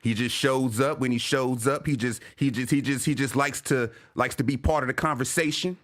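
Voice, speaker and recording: Man, fan livestream host, casual commentary, profane slang, excitable delivery. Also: medium pitch, normal speed. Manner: animated, profane street slang, shouts out viewers. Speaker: sports fan show host.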